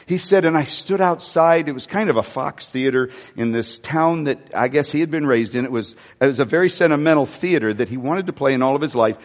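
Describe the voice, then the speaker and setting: A man preaching a sermon, telling stories in an animated, conversational way. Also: a little high, fairly quick, hardly any pauses, long reverb tail. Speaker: pastor.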